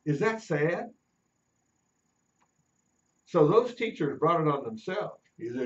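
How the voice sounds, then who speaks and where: A man's voice: on the high side, big pitch swings, slow pace, long pauses, lo-fi sound. Middle-aged male teacher telling classroom stories. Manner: storytelling, acts out quoted voices. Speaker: teacher educator. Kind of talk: classroom lecture with anecdotes.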